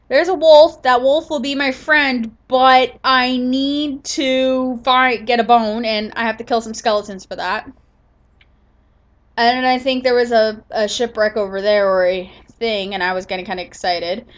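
A woman's voice: mid-range voice, brisk, highs cut off. A woman doing a casual voice-over of her own gameplay footage, sleepy and yawning, rambling with lots of fillers and restarts. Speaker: gaming channel host.

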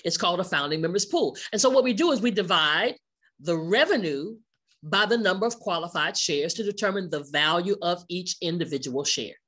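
A woman presenting her company in a sales pitch, speaking emphatically, asking many rhetorical questions and repeating key words for stress. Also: lively intonation, a little fast, fairly bright tone, husky.

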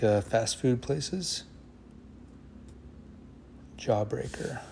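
A man's voice: lowish voice, creaky, warm tone, a little hiss or hum. A man thinking aloud as he solves a word puzzle, musing half to himself and sometimes dropping to a near whisper. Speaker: puzzle channel host.

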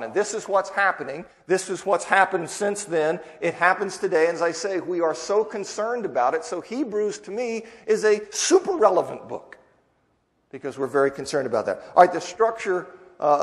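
A man's voice: sits high, expressive, moderate pace. Man teaching in an echoey church hall. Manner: reads a story aloud, then explains in a loose, conversational way with restarts. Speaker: preacher teaching a Bible class. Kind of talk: sermon reading then class teaching.

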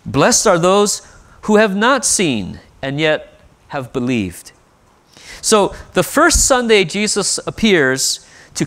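Give me a male pastor delivering an earnest sermon, with a slightly high and animated voice. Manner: earnest, with frequent rhetorical "right?".

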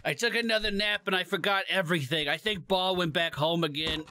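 A man's voice: high-pitched, fairly quick, pushed and bright, no room sound. A man doing playful let's-play commentary, chatting with game characters and laughing along. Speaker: gaming YouTuber. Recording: faint background game music.

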